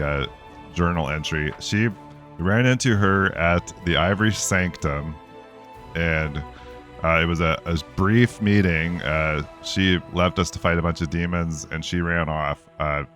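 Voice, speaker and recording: A man's voice: low-pitched, unhurried, fairly bright tone, soft background music. A man hosting a video game playthrough, chatting casually with fillers and reading the game's text aloud. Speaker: let's play host.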